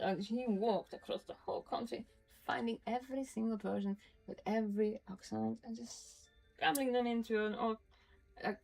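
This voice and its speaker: Woman, Northern Norwegian accent, gaming stream chatter, fairly high pitch, breathy, rambling asides. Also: a little mellow, poor audio. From Norway. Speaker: game streamer. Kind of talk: casual gaming commentary.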